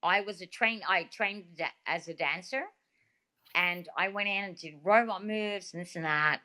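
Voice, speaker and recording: A woman with an Australian accent, a guest telling stories in a chatty, animated way full of fillers, over a video call. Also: on the low side, normal speed. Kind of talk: casual interview talk.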